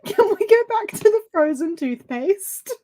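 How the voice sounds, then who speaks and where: High-voiced woman with teasing quips. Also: animated, unhurried, mellow. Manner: teasing, wry interjections. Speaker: livestream co-host. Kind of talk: casual chat.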